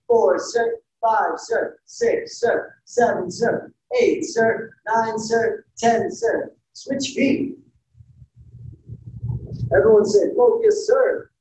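A man who is a martial arts instructor leads an online taekwondo class, calling out commands, counting drills and giving sharp shouted yells. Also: extremely high pitch, recorded from a distance, slight background noise. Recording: roomy sound from away from the mic.

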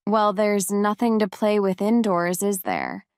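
A woman reading a storybook voices a kind, talkative young servant girl who speaks warmly and sometimes scolds gently. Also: medium pitch, very animated, unhurried, clean tone, no echo, clean studio sound. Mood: chatty.

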